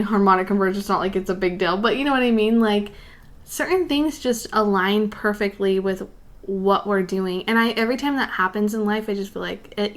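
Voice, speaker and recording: Woman, podcast co-host, casual chat, mid pitch, rambling with fillers. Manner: chatty, lots of "like" and "you know".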